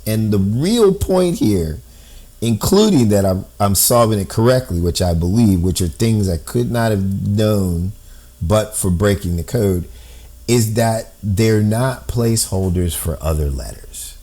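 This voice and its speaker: Slow, deep-voiced man explaining a puzzle. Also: mellow. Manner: thinks aloud, often checks in with "right?". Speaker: amateur code-breaker. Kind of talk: explaining on a shared screen.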